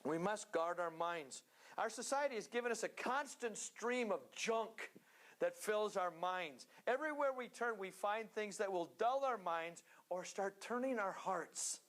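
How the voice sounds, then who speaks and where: A man preaching a sermon in a church, earnest and steady, now and then slipping into joking asides. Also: high-pitched, a little slow.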